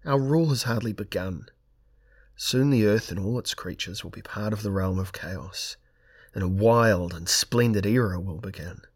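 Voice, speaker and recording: A man's voice: fairly low pitch, moderate pace, long pauses, husky, no room sound, studio quality. A man reading aloud and voicing an immortal, persuasive lord of chaos in an audiobook. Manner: persuasive, silky.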